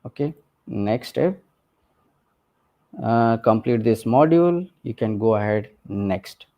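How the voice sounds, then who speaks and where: A man with a mid-range voice presents a technical walkthrough of a software demo. He speaks conversationally, with many fillers and frequent "okay" and "right?" checks.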